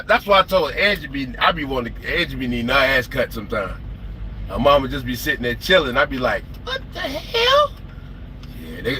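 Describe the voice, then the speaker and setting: A man with a bright, fairly high voice rants casually about family life. He swears freely and slips into the voices of the people he quotes. A faint hum of outdoor noise sits behind him. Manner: animated, profane, acts out quoted people. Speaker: trucker vlogger. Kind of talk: casual storytelling rant. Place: porch, outdoors.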